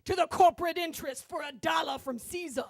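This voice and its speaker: A woman doing a booming preacher man. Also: creaky, no echo, clean studio sound. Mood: thundering. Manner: shouted, drawn-out preaching. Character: booming male subway preacher damning sinners.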